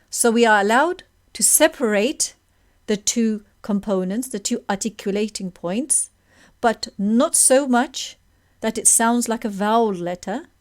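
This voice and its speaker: Woman teacher, patient explainer, mid-pitched voice, recites examples between explanations. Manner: patient, explaining slowly and demonstrating sounds. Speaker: tajweed teacher. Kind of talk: online lesson with recitation examples.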